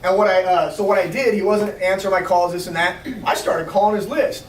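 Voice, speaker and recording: A man giving an energetic sales training talk to a small group, checking in often with his listeners. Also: high voice. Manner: energetic, fast, coaching with repeated check-ins. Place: restaurant meeting room. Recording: roomy, distant, faint noise.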